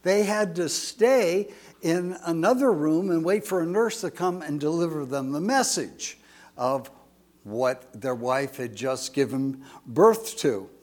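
A man's voice: a little high, slow, a little mellow. An older man in his sixties preaching a folksy sermon, chatty and rambling, with jokes and asides.

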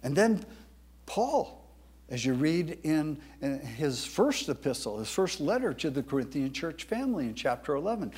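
A man preaching a sermon as a pastor, booming when he quotes scripture and halting with frequent fillers and restarts between points. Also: a little mellow, breathy edge.

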